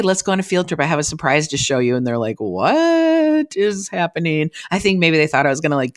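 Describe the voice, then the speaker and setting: A Minnesota woman in her thirties, a real estate agent who hosts a podcast, talks solo and casually in a deep, fairly bright, clean voice on a close mic. She's chatty, earnest and encouraging, with lots of "like"s and restarts.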